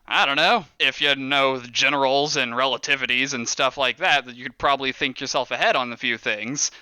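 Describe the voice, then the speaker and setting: A man's voice: mid-range voice, fairly even intonation, a little fast, bright, forceful tone, clean tone, no echo. A man voicing a brash, pushy male boss with hired goons, talking in a glib, chummy salesman way.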